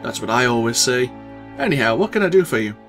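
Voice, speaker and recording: A chatty, portly village shopkeeper from a fantasy role-playing game, rambling through local gossip in a folksy, opinionated way, as a man reads his lines aloud. The voice sits in a middle pitch, pushed a little louder and brighter than plain talk. Soft music plays underneath. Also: sing-song, fast talker. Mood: friendly.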